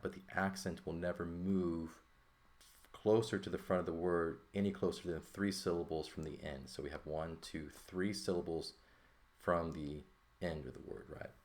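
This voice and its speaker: Male teacher, very deep voice with vocal fry, informal recorded lesson, thinks aloud as he writes. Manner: casual, thinking aloud with frequent "okay?" and "right?" checks. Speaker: Greek teacher.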